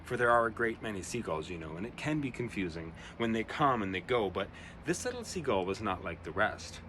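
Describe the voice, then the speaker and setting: Bright-voiced man reading a rhyming tale. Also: lowish voice, a little fast, slight background noise. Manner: expressive, rhythmic rhyming delivery. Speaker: storyteller. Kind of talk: reading an original rhyming children's poem.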